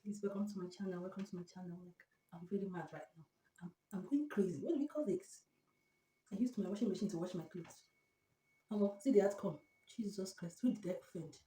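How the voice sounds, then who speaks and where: A woman's voice: medium pitch, steady tone, quick pace, dark tone. A woman from Nigeria with a Nigerian accent, ranting dramatically and repeating herself in a vlog at home. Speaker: vlogger. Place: home, indoors by the washing machine. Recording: echoey room, mic far off.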